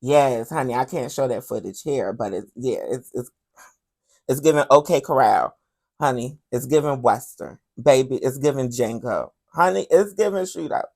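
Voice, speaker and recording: Sassy and animated, this female podcast host riffs on current events and repeatedly calls the listener "honey." Her voice is deep and bass, with vocal fry, and she speaks at a moderate pace.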